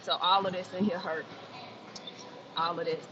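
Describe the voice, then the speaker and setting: In a flat, low-leaning voice at normal speed, a fitness livestreamer talks casually with viewers from an indoor gym and repeats phrases for emphasis. Background gym ambience makes the audio muffled and noisy.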